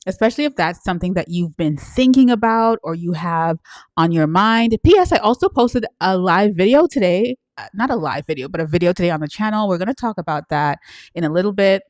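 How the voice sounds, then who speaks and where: A woman's voice: on the low side, animated, fairly quick, dry recording, clean studio sound. A woman hosting a live stream, chatting with viewers and greeting them by name with sing-song hellos and frequent laughs. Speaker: livestream host and coach. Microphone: live-stream setup.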